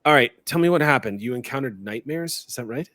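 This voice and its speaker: A man doing a husky woman knight. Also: mid-range voice, animated, fast talker, pushed and bright, dry recording, clean studio sound. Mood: concerned. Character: calm adult woman knight roused from bed, husky.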